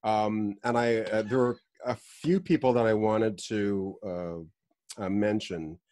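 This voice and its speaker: A man co-hosting a podcast, talking in a laid-back, earnest, halting way. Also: lowish voice, darkish tone, no echo, studio quality. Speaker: podcast co-host. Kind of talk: casual podcast banter.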